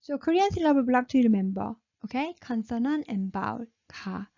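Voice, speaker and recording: A woman's voice: fairly high pitch, animated, brisk, vocal fry, mellow, no echo. A woman teaching a language lesson, who repeats each syllable patiently and keeps checking in with "okay?". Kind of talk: slow spoken lesson with repeated drills. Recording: dull, muffled lo-fi sound.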